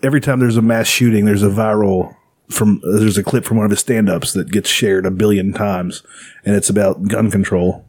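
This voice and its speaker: A man's voice: lowish voice, fairly even intonation, normal speed, darkish tone, a little hiss or hum. A man co-hosting a casual podcast, trading jokes and reading out a news item. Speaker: podcast co-host.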